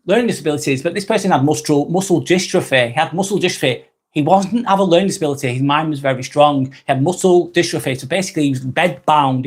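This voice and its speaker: An English man hosting a live vlog, reading out chat comments in a casual, rambling way with repeats and fillers. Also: fairly high pitch. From England. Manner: rambling, repeats himself, frequent ums.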